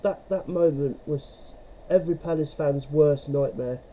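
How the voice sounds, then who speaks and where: A man's voice: medium pitch, a little hiss or hum. Brief: young man, football fan vlogger, furious sweary rant, dull lo-fi sound. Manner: swears a lot, ranting. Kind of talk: angry fan rant to camera.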